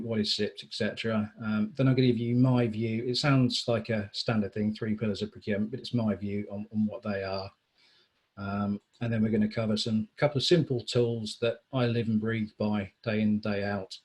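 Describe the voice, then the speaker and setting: A man with a low, slightly husky voice presents a business webinar. He talks in a steady, self-described monotone and drops in dry, wry asides. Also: low-quality recording. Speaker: procurement consultant and speaker.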